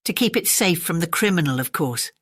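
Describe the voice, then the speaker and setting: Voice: medium pitch, expressive, a little fast, fairly bright tone, dry recording, studio quality. Magnus, a placid sneering manservant, read by the narrator. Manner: clear, bell-like, placid.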